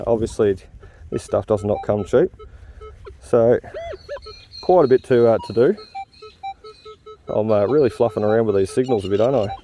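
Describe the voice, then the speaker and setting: A man's voice: lowish voice, normal speed, pauses often, warm tone. A man, hosting a detecting vlog outdoors in casual, chatty talk. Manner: chatty, laughs easily, many uh fillers. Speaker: detecting channel host. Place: outdoors in a field.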